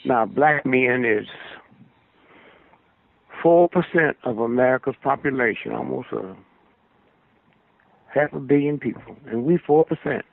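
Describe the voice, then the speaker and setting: Gravelly older man preaching down a phone line. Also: medium pitch, unhurried, long pauses, no room sound. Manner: preachy, asks "Hmm?" for agreement. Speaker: guest. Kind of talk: rambling storytelling monologue. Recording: phone-line radio call.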